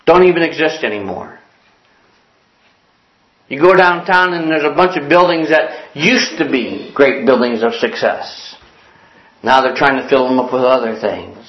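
Male preacher, slightly high voice, earnest and repetitive, echoey dull recording. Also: lively intonation, measured pace, long pauses. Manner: repeats key lines for emphasis; earnest, storytelling delivery. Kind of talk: sermon.

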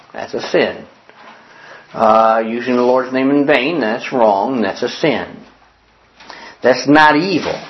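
A male pastor delivering a sermon after an opening prayer, reading scripture aloud and repeating key definitions slowly for emphasis. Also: mid-range voice, lo-fi sound. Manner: reads scripture aloud with pauses for note-taking.

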